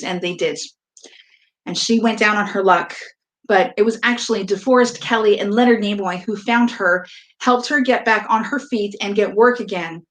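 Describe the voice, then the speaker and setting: A woman performing a first-person story on stage, moving from quick, nervous rambling to halting stammers and hushed, heartfelt reflection. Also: mid-range voice. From from outside the country of the event. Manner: nervous, halting stammers when reliving the moment.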